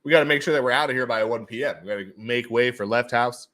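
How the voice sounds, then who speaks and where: A man's voice: medium pitch, steady tone, quick pace, fairly bright tone. A man hosting a casual livestream giveaway, who talks animatedly, repeats his own phrases and throws in playful sound effects. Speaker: livestream host running NFT giveaways.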